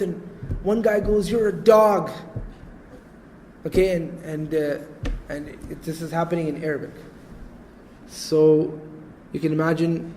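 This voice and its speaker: A male preacher with a high voice tells a story in a casual, animated way. He keeps checking in with his listeners as he goes. A faint hum of the room sits under his voice. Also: poor audio. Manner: animated, conversational, repeats points with "you know" and "okay?". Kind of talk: storytelling sermon.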